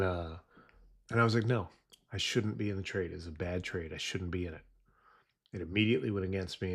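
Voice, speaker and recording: This futures trader has a low-pitched, husky voice. Streaming live, he talks through trading psychology in a loose, rambling way full of filler words.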